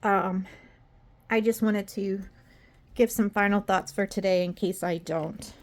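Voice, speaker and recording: A woman's voice: mid-range voice, fairly even intonation, a little slow. Tired, rambling woman chatting at home. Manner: rambling, self-deprecating, chatty with viewers. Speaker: vlogger. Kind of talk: casual personal video diary.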